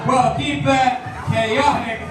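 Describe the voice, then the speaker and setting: Man shouting a drawn-out show intro. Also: very high voice, fairly even intonation, far from the mic. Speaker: show announcer. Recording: echoey room, voice from afar. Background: music and crowd.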